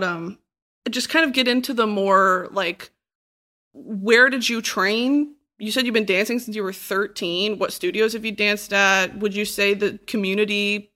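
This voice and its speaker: A woman from Texas hosting a casual interview, chatty and playful with quick questions. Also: medium pitch, pushed and bright. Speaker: podcast host.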